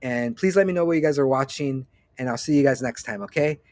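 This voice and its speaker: A man's voice: mid-range voice, fast talker, a little mellow, dry recording. A man around forty hosting a casual solo podcast update, rambling, swearing freely and often breaking off mid-sentence. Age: late 30s to early 40s. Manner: rambling, profane, self-interrupting. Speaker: podcast host.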